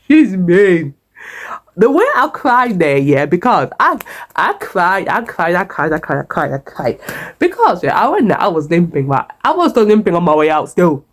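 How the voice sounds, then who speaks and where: A woman's voice: on the low side, big pitch swings, normal speed. A young woman vlogger telling a casual storytime, chatty and repetitive, with frequent swearing. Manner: chatty, repeats herself, swears, sings a short hymn.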